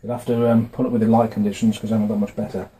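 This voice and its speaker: Hesitant man with a mellow voice. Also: lowish voice, flat delivery, very fast, a little hiss or hum, low-quality recording. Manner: hesitant, with frequent fillers and restarts. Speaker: video maker explaining a religious topic. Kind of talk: casual explanation from notes. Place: indoors, dim room. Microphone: camera mic, facing camera.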